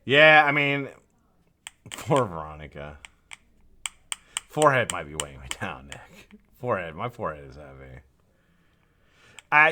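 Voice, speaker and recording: A man's voice: low voice, sharp tone. A tired, yawning man hosting a live stream, rambling casually with frequent swearing and laughter.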